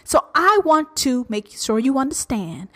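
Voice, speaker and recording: Woman, about forty, slightly high voice, solo podcast host, profane and confrontational. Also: big pitch swings, a little slow. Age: 40s. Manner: blunt, profane and confrontational, swinging between loud and hushed. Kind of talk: uncensored solo podcast rant.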